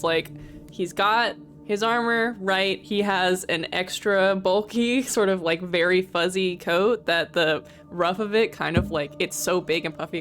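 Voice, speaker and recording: Excitable swearing woman player. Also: on the low side. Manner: excitable, swears a lot, rambling descriptions. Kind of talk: casual tabletop game chat.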